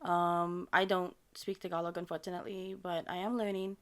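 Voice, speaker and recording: Woman, American, slight Filipino-tinged accent, lisp, lower end of her range; casual rambling Q&A with lots of ums. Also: flat delivery, normal speed. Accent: American with a slight Filipino touch from her parents. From United States. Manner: rambling and hesitant, many ums and self-corrections. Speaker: ASMR creator. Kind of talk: casual Q&A reading viewer questions.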